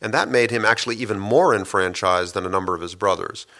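Low bright-toned man explaining at length. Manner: measured storytelling with frequent "uh" and restarts. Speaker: author interviewed as guest. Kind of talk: long explanatory interview answers.

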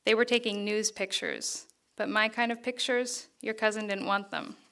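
A woman reading aloud the lines of a quiet, friendly young male photographer from her fiction. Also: mid-range voice, fairly even intonation, moderate pace, lightly acted. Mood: quietly friendly.

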